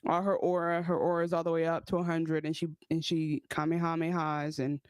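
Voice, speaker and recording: A woman's voice: low-pitched, level tone, a little fast, clear, resonant tone, no echo. A woman co-hosting a podcast, chatting casually about a TV episode with playful banter. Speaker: podcast co-host. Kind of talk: casual recap chat.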